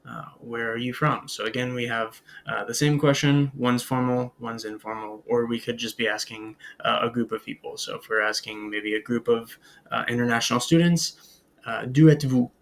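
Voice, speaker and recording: A man's voice: medium pitch, steady tone, moderate pace, gravelly. A man teaching a recorded beginner French lesson, explaining in English with many "uh"s and modeling French words aloud. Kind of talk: recorded language lecture.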